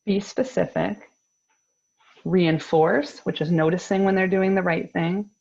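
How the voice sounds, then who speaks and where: A woman in her thirties presenting a parenting workshop on a video call, explaining in a calm, firm way. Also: fairly low pitch, a little slow, gravelly, slightly rough. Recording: dull lo-fi video call audio.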